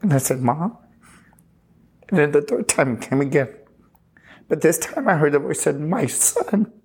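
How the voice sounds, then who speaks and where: A pastor from Texas telling his personal testimony in an earnest, halting way, often restarting sentences and retelling conversations. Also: fairly high pitch, animated, a little mellow, husky. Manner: earnest, halting, with frequent restarts and retold dialogue.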